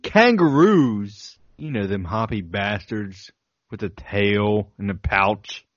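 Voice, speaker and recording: Slow, low-voiced joking podcast man. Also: steady tone, fairly bright tone, no room sound, muffled recording. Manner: joking, laughs often, reads from a list. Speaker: podcast co-host. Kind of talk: casual podcast banter.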